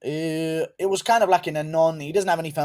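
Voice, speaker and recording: A man's voice: on the high side, fairly even intonation, a little fast, a little mellow, no echo. A man hosting a casual livestream, reading viewer comments in a loose, offhand manner and swearing freely. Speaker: livestream host.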